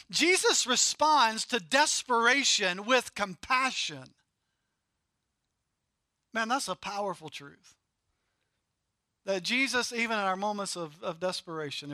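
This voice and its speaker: A man preaching a sermon, emphatic and repetitive, building intensity and then dropping to a quiet, earnest tone. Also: high-pitched, no echo. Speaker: pastor.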